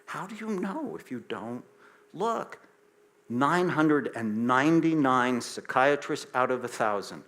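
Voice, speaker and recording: A man around sixty gives a lecture as a storyteller. His voice sits at a middle pitch, and he acts out each line of dialogue with lively jumps up and down in pitch and volume. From United States. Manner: animated, acts out dialogue with shifts in pitch and loudness. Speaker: psychiatrist giving a lecture. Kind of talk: storytelling talk to an audience.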